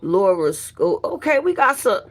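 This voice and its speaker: A woman's voice: mid-range voice, very animated, measured pace. A middle-aged woman chatting casually and profanely on her livestream, greeting viewers by name and telling a story. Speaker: livestream host.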